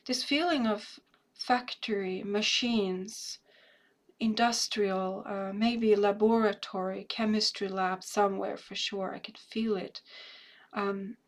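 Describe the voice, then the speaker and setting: A woman doing a remote viewing session, describing her impressions slowly and haltingly with many pauses and fillers, and growing emotional. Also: medium pitch. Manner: emotional, laughing and tearful. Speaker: remote viewer.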